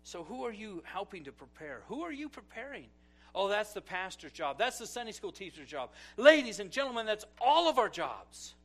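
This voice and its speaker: Man, pastor, sermon, high-pitched, middle-aged, dramatic loud-soft swings, storytelling. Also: very animated, normal speed. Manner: dramatic swings from loud exclamations to hushed asides, storytelling with acted quotes.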